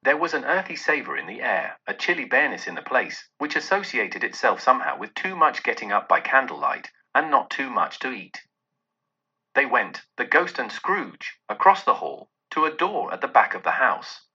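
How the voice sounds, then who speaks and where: Husky-voiced male storyteller, bright and lively. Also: moderate pace. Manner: dramatic, with many shifts in pitch and loudness. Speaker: audiobook narrator. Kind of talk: expressive storybook narration. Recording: dull lo-fi recording.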